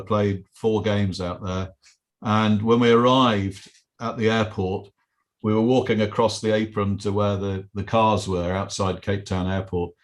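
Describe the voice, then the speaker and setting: Low-voiced man telling stories. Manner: rambling anecdotal storyteller with many restarts. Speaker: podcast guest, business owner. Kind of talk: casual interview chat.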